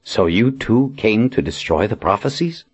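A man's voice: fairly low pitch, expressive, moderate pace, husky, muffled recording, pitched above the performer's own voice. A man voicing an earnest, eager young man in a slightly raised voice.

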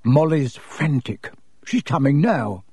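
A man voicing an excitable middle-aged wizard father, slow and eager in his speech. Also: fairly high pitch, husky, no room sound, heavily acted. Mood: anxious.

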